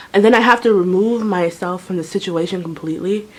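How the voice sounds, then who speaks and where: Young woman with a husky voice, chatty storytime vlog, does the voices. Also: mid-range voice, fairly quick. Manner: animated, acts out voices and sounds. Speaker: vlogger.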